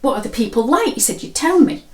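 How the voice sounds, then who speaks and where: A woman's voice: high-pitched, sing-song, quick pace, pitched above the performer's own voice. A woman voicing a grumpy, fed-up man who complains about everyone. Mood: grumbling. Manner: huffy, complaining. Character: grumpy fed-up adult man leaving home. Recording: roomy echo.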